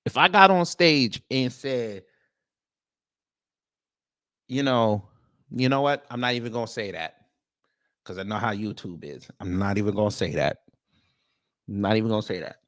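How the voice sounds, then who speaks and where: A man's voice: on the low side, moderate pace, long pauses, a bit bright, no room sound, studio quality. A man hosting casual reaction commentary, talking to his viewers as family with frequent stammered restarts. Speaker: commentary show host.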